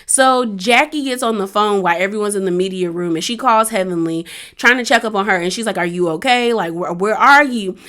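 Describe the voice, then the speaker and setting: A woman's voice: medium pitch, brisk, few pauses, a bit bright. A woman hosting a casual review of a reality show episode, chatty and laughing often as she acts out what the cast said. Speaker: reality TV recap host.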